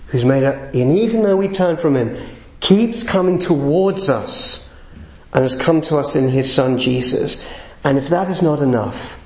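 Gravelly male preacher in an echoey room. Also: mid-range voice, a little mellow. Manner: earnest, builds to emphatic peaks. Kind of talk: sermon.

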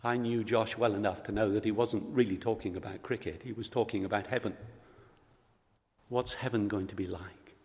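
A man's voice: on the low side, steady tone, moderate pace, a little mellow. A man preaching a sermon, telling a story and speaking in a pastoral, reflective way to the congregation. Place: church. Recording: long hall reverb.

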